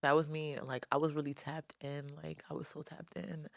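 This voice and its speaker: A woman's voice: low-pitched, steady tone, moderate pace, creaky, no room sound, clean studio sound. A young woman from the Bronx with a New York accent, a rapper chatting animatedly in an interview, slangy and swearing freely. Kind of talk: casual interview talk.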